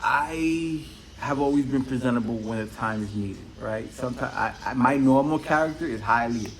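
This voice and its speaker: A man's voice: medium pitch, normal speed, slight background noise. A man hosting his own podcast, telling stories in a casual, rambling way full of swearing. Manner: profane, rambling storyteller. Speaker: podcast host. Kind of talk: casual solo monologue.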